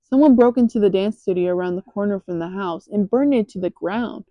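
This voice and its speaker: A woman reading the lines of a fretful, doting mother in a soft, worried, coaxing voice. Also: medium pitch, fairly quick, no echo, muffled recording, close to an everyday voice.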